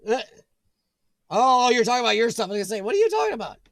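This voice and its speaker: A man with a rather high voice chats casually on his live stream from home. He rambles from topic to topic and greets viewers as he goes. The sound is dry and close, with little room around it. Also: big pitch swings, racing, gravelly, a bit bright, no room sound. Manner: rambling and chatty, reading out viewer comments. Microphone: desk mic.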